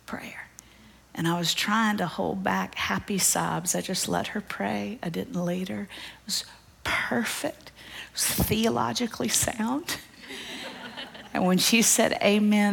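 A woman teaching a church Bible study, telling a story in an earnest, emphatic way and often dropping to a soft, breathy near-whisper. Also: mid-range voice. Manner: earnest and emphatic, addresses listeners as y'all. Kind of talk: storytelling sermon. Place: church gathering.

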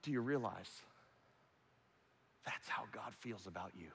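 A man preaching a sermon, with loud rising appeals that drop to hushed, almost whispered lines. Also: on the low side, measured pace, vocal fry, husky. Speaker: pastor. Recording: long reverb of a large hall.

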